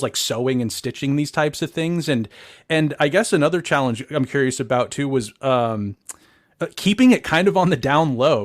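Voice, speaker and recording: A man's voice: medium pitch, no echo, clean studio sound. A man hosting a casual interview, asking his questions hesitantly with many "uh" and "um" fillers. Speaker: podcast host.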